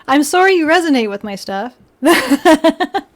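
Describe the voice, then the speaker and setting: A young woman streamer with a high, light voice chats loosely with her viewers. She laughs often, fills her talk with "like," and softens into baby talk for her pets. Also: expressive, a little slow. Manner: chatty and giggly, full of "like" and restarts, baby-talks to her pets. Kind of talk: casual live-stream chat.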